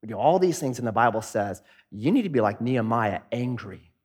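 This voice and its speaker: A middle-aged man preaching a sermon, telling stories and swinging between punchy lines and hushed asides. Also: medium pitch, expressive, fairly quick, husky. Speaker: pastor. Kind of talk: sermon with storytelling.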